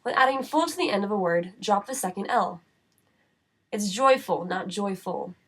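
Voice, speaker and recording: A woman giving scripted instructional narration for a spelling lesson, reading rules and slowing down for word lists. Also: medium pitch, animated. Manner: measured, reads word lists slowly. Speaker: writing center instructor.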